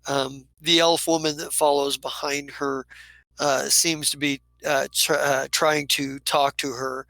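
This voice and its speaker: A game master narrating a tabletop scene with halting, filler-heavy phrasing. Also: medium pitch, little pitch movement, vocal fry, pushed and bright, dry recording, poor audio.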